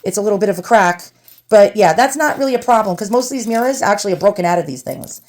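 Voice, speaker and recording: A woman's voice: medium pitch, lively intonation, fast talker, a little mellow. A middle-aged woman with a New York accent, chatting and rambling as she unboxes antiques for her vlog. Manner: chatty, rambling, thinking aloud. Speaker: antiques vlogger.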